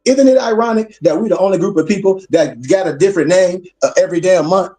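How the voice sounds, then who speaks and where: A male minister delivers a class lecture in a high but mellow voice. He is emphatic and preacherly, circling back to repeat key lines. Faint music hums behind him. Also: quick pace.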